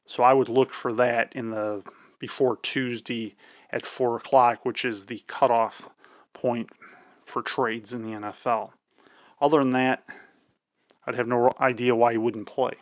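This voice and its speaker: A man hosting his own sports channel, going through team injury reports in a measured tone and often hedging with "I believe". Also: mid-range voice, flat delivery, dry recording, studio quality. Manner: measured, repeats "I believe" and "for sure". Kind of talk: football injury preview commentary.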